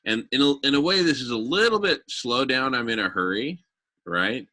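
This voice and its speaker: A man pitching an idea in a community meeting, rambling and enthusiastic with many fillers and restarts. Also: lively intonation, normal speed, bright, forceful tone. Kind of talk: brainstorming in a group meeting.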